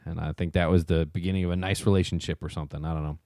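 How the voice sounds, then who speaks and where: A man co-hosting a casual podcast rambles through stories, laughing often and swearing offhandedly. His voice sits very low. The recording is dry and close. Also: level tone, racing, gravelly, mellow, no room sound. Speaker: podcast co-host. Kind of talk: casual chat.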